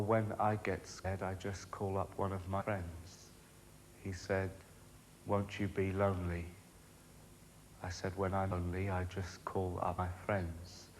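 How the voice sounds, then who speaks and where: A man performing a spoken-word monologue in a measured, rhythmic storytelling manner. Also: sits low, slight background noise.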